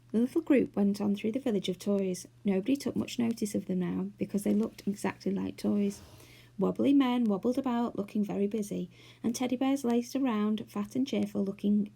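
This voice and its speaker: A woman's voice: medium pitch, moderate pace, vocal fry, dark tone, husky. A woman with an English accent reading a children's novel aloud, doing character voices. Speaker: storyteller.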